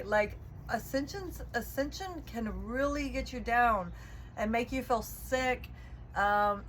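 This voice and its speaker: In a fairly high voice, a woman delivers an encouraging spiritual tarot reading, chatting warmly and repeatedly asking the listener "okay?" There's a little hiss or hum, and the recording is rough.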